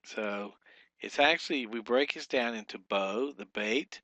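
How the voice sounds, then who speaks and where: A man teaching a recorded lecture, explaining patiently, repeating terms slowly, with frequent fillers. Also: medium pitch, bright, forceful tone, no room sound, muffled recording. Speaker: Hebrew teacher.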